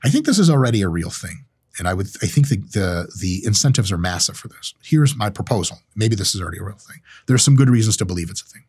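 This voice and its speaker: A man hosting his own show, talking in a casual monologue, animated and profane, with big swings in pitch when he voices other people's reactions. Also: quick pace, husky. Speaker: host.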